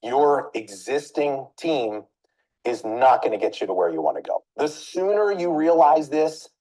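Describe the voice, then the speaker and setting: A woman business coach runs a training session in a mellow, warm voice. She tells a story with energy and keeps turning to her listeners with direct questions. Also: extremely low pitch, a little slow, poor audio. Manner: animated, addresses listeners directly with rhetorical questions.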